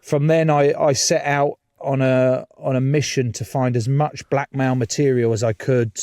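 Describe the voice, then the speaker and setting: A man's voice: medium pitch, steady tone, moderate pace, a little mellow, no room sound. A man, a podcast guest telling stories in casual chat, swearing freely and laughing as he goes.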